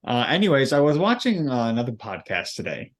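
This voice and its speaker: A man's voice: mid-range voice, huge pitch swings, fairly quick. A man co-hosting a podcast in casual chat, rambling and hesitant, filling gaps with "like". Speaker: podcast co-host.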